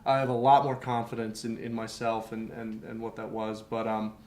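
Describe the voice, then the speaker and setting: A man's voice: on the low side, little pitch movement, normal speed, darkish tone. A young man telling a personal story in conversation as a podcast guest, candid and rambling, full of fillers. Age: young adult. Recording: roomy echo, faint background noise.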